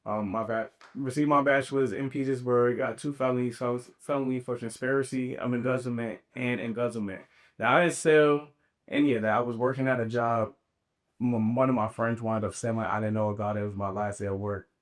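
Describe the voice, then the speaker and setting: Male co-host, relaxed and candid, casual slang, medium pitch. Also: a little fast. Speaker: podcast co-host. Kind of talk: casual conversation.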